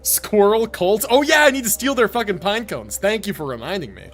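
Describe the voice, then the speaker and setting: A man's voice: high-pitched, animated, fairly quick, fairly bright tone. A man live-streaming a video game, joking and rambling through casual commentary with plenty of swearing. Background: game music.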